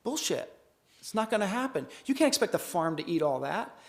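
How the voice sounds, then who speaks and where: Brisk and high-pitched, a man delivers a conference keynote like a folksy storyteller. He's animated throughout, voicing the dialogue of the characters in his tales.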